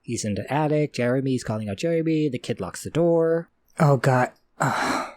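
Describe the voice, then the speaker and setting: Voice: medium pitch, animated, fairly quick, darkish tone, dry recording. A host recapping a horror film as it plays, with sarcastic asides. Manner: narrates the scenes on screen with sarcastic asides. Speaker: movie reaction host. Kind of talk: casual movie reaction commentary.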